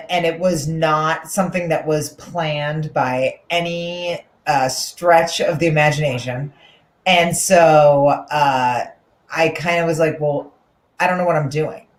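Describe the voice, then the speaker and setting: Woman comic, thirties, chatty and animated, echoey room. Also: low voice. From Newton, Massachusetts. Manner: chatty, animated, many fillers and restarts. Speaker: guest comedian. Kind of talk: casual interview chat.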